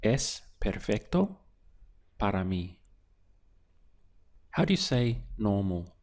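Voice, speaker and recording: A man teaching a language lesson, prompting a phrase and then answering it slowly, word by word. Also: fairly low pitch, big pitch swings, darkish tone. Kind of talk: slow drill-style language lesson.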